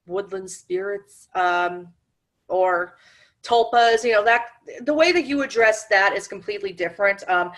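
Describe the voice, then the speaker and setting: A woman's voice: on the high side, fairly bright tone. A woman teaching an online webinar class in a chatty, informal way, with frequent laughs and fillers. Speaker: paranormal class instructor. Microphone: computer mic on a webinar call.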